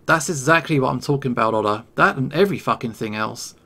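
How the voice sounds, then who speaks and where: A man voicing a gruff, volatile male bear man who is desperate, crude and menacing, rising to a high-pitched screech when angry. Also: animated, fast talker, pushed and bright.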